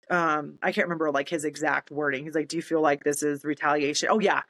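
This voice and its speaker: A woman's voice: low voice, fairly even intonation, fast talker, few pauses, a bit bright, poor audio. A woman, a military veteran telling her story in casual talk, acting out quoted voices and laughing in disbelief.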